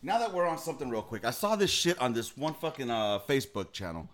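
A man's voice: medium pitch, big pitch swings, fast talker, fairly bright tone. Blunt, foul-mouthed man on a podcast. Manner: blunt, profane, emphatic. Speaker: podcast co-host. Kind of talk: casual profane chat.

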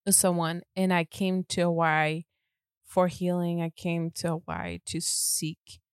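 A woman from Germany co-hosting a podcast, telling a story in an animated way and laughing often. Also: fairly low pitch, a little slow, clean tone, no echo, studio quality. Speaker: podcast co-host. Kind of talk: casual storytelling chat.

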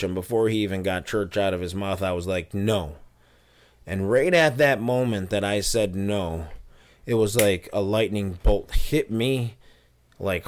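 A man with a fairly low voice tells his personal story as an interview guest. He talks earnestly, circling back with fillers and restarts as he recalls events. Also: darkish tone. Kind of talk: personal testimony.

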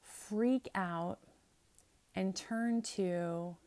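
A woman's voice: mid-range voice, extremely slow, mellow. A woman pastor reading prayers aloud, then preaching in an earnest, conversational way with asides.

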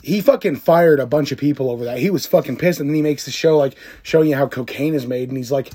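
A young man co-hosting a casual, crude podcast, telling stories with loud impressions and lots of swearing. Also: on the high side, fast, few pauses, slightly rough. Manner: profane, animated storytelling with loud impressions. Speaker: podcast co-host.

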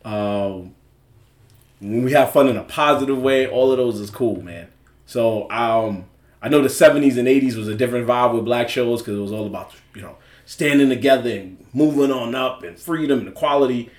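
A man's voice: medium pitch, moderate pace, echoey room. A man co-hosting a podcast in casual chat, telling stories with lots of laughter and acted-out bits. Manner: animated storyteller, acts out scenes, laughs often. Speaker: podcast co-host.

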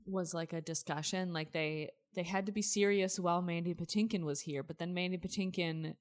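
Low-voiced woman joking around. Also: steady tone, a little fast. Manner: joking, profane, playful teasing. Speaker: podcast co-host. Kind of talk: casual chat.

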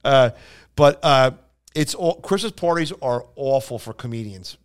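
A man's voice: mid-range voice, lively intonation, a little slow, smooth. A man who is a comedian telling rambling anecdotes on a casual podcast, full of restarts and acted-out quotes. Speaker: stand-up comedian and podcast co-host. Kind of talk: casual storytelling chat.

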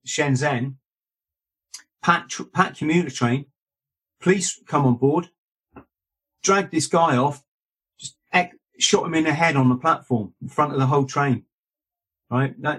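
A man's voice: medium pitch, husky. A man, a guest and author, telling rambling stories full of asides and self-corrections. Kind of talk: rambling anecdotal storytelling.

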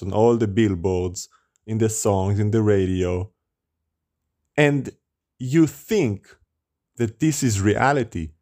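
A man's voice: on the low side, warm tone. A man preaching as a rabbi, with rhetorical questions and a scornful tone. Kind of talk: sermon.

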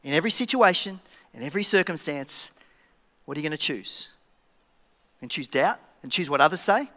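High, bright-voiced male pastor preaching. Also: a little fast. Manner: animated, joking, with dramatic drops to a hush. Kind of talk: sermon. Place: church auditorium. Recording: church hall reverb.

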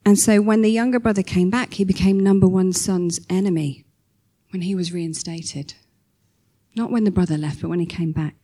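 Woman preacher, mellow warm voice, animated storytelling, sermon delivery. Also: fairly low pitch, moderate pace.

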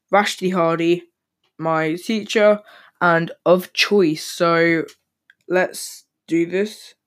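A male podcast host talking casually and very fast, with lots of ums and restarts. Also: high voice, dry recording, clean studio sound. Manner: talks very fast with many fillers and restarts. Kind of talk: casual solo podcast talk.

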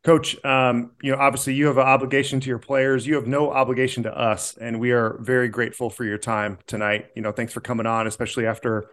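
Brief: male co-host, mid-pitched voice, loose and jokey. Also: little pitch movement, fast talker, hardly any pauses, a bit bright. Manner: jokey, laughs often. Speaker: podcast co-host. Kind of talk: casual podcast interview.

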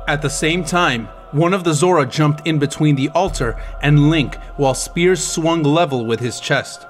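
A man's voice: on the high side, normal speed, few pauses, soft background music. Intense male audiobook narrator. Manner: dramatic, intense storytelling.

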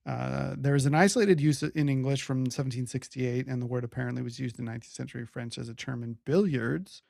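A man's voice: mid-range voice, fairly quick, vocal fry, a little mellow, dry recording, studio quality. A man in casual chat, reading dictionary entries on word origins aloud with fillers between them.

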